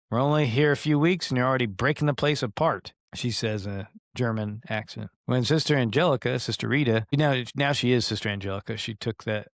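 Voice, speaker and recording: A man's voice: mid-range voice, no room sound, clean studio sound. A man hosting a podcast, telling a story casually, with hesitations and self-corrections. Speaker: podcast host.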